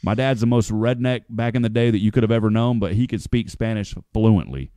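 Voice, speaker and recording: A man's voice: on the low side, brisk, dark tone, clean tone, no echo, clean studio sound. A man hosting a morning radio show, chatting in a folksy, joking way and calling people "brother" and "man". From United States. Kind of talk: casual radio chat.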